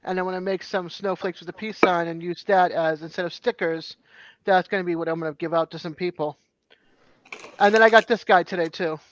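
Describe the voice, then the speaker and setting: Woman with a halting, explaining manner. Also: on the low side, fairly even intonation, highs cut off. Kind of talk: casual group video chat.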